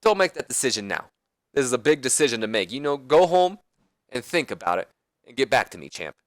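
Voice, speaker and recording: A man voicing a smooth-talking veteran male wrestling schemer with a showy, persuasive delivery. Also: mid-range voice, very animated, a little fast, dry recording, lightly acted. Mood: coaxing.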